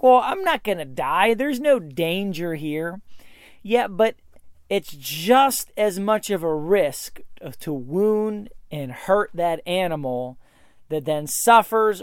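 A man's voice: sits high, no echo, studio quality. A man telling a hunting story in a casual, matter-of-fact and emphatic way. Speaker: bowhunting advice speaker.

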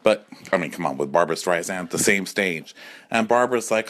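A man in his forties riffs through a campy, profane comic monologue, his voice swinging widely up and down as he acts out other people. His pitch sits a little low for a man, and he is recorded at home. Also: lively intonation, normal speed, a bit bright. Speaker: comedy podcast host.

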